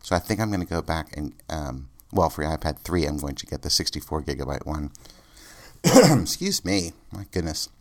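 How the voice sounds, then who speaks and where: A man talks through his own podcast on his own. He rambles and thinks aloud, filling pauses with ums and uhs. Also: rumbling low, big pitch swings. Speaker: podcast host. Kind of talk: casual solo podcast.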